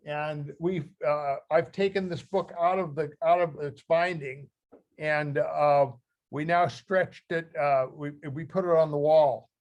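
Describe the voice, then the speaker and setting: An older man from Ohio, a guest speaker who reads from his memoir in a halting, heartfelt way and often restarts his phrases. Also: on the high side, steady tone, darkish tone, highs cut off. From Ohio, USA. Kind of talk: talk reading from his memoir.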